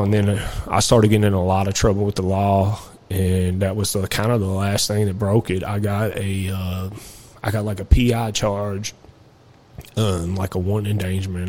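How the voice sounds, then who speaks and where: A man's voice: fairly low pitch, a little mellow. A young man, a podcast guest telling his life story in a candid, rambling way and swearing freely. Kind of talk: casual storytelling interview.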